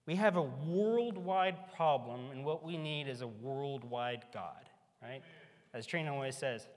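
A man's voice: a little high, moderate pace. A man preaching a sermon in a folksy, emphatic way, with a band on hand in a large hall. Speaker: pastor. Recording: echoey hall.

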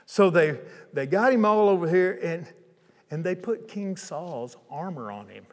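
Lively slow-talking preacher man. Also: high-pitched, big-room sound. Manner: lively, conversational retelling with asides. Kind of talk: sermon storytelling.

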